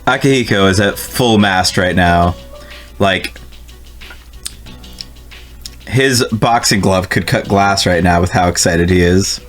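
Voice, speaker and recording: This streamer from New Jersey has a low, somewhat bright voice and takes things slowly, pausing often, with soft music behind him. Reading game text aloud, he chats casually with viewers, laughing and cursing frequently.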